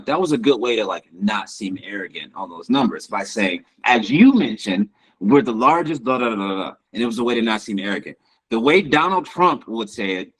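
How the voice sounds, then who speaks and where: Young man, podcast co-host, casual slangy chat, lively pitch. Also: low-quality recording. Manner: slangy, animated, says bro a lot.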